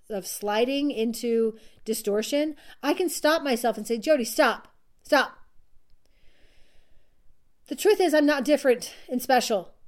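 High-voiced woman giving an earnest self-help talk. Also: a little mellow. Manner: earnest and repetitive, laughs at herself. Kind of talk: motivational talk to listeners.

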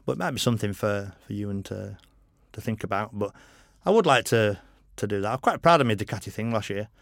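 A man's voice: fairly low pitch, quick pace, creaky, dry recording, studio quality. A middle-aged man, a motorcycle racer, telling long frank anecdotes in a casual podcast interview, peppered with "you know".

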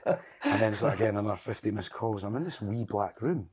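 A man's voice: on the low side, wildly swooping pitch, unhurried. A Scottish man, a guest on a podcast, telling wild anecdotes in casual chat, swearing and laughing as he goes. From Scotland.

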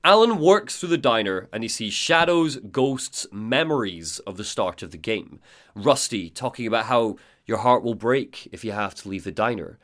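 A man's voice: medium pitch, animated, moderate pace, fairly bright tone. A man hosting a casual podcast, recapping video game lore and reading out quotes in different voices. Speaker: podcast host.

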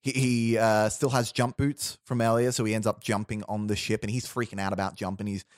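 Lower-voiced man telling a story casually. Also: level tone, a little fast, dry recording, studio quality. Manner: rambling, restarts, quotes characters in low voice. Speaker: storyteller pitching a movie plot. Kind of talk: casual chat.

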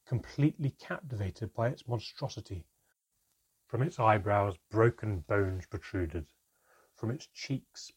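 A man reading a fantasy story aloud, slowing down for dramatic moments. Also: low voice, darkish tone, husky. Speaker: narrator. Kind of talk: scripted story narration.

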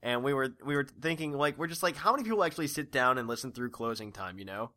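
A man's voice: medium pitch, lively intonation, fast talker, sharp tone. A man hosting a podcast in a laid-back, rambling way, laughing often. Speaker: podcast host. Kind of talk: casual chat.

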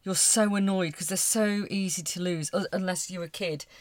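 A woman who co-hosts a podcast, reads a poem gently and wistfully, and chats casually. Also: fairly low pitch, steady tone, moderate pace, dry recording. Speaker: podcast co-host. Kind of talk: casual chat and poetry reading.

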